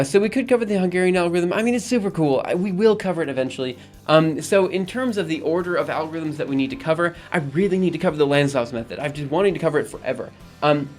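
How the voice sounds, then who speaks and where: A man hosting a casual coding livestream, talking to chat in an upbeat, rambling way with many fillers, with faint music behind him. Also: a little high. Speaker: livestream host.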